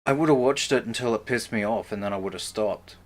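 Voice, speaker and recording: Deep-ish guy, blunt and stubborn, teasing and swearing in casual chat. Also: a little fast. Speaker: podcast co-host.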